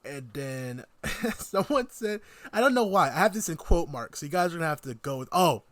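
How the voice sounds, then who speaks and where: A man's voice: fairly high pitch, normal speed, dry recording. A man co-hosting a casual podcast, retelling a TV season from his notes with lots of laughs. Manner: animated, reads out his notes in quotes, laughs often. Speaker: podcast co-host. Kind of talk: casual chat reviewing a TV season.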